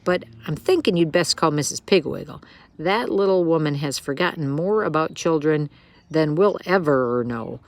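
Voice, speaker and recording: A woman's voice: sits low, animated, moderate pace. Chatty maid, as a woman reads her, folksy, emphatic, gossipy, storybook. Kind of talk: storybook reading.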